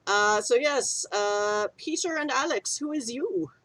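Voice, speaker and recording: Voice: mid-range voice, animated, unhurried, a bit bright, dry recording. Chatty game master hosting a stream. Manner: chatty, scattered, laughing asides.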